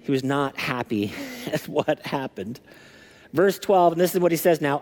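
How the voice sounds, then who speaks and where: A lead pastor delivers a sermon with an animated storytelling manner. His voice sits fairly high for a man, and he acts out the scenes he recounts. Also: moderate pace. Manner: animated storytelling, acting out scripture.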